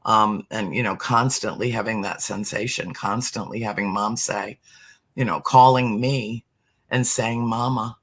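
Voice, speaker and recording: A middle-aged speaker talking earnestly about spirituality as a podcast guest, slowing down to stress words. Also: mid-range voice, fairly even intonation, a bit bright, slightly rough. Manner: earnest, emphatic, slows for emphasis. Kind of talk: heartfelt spiritual talk.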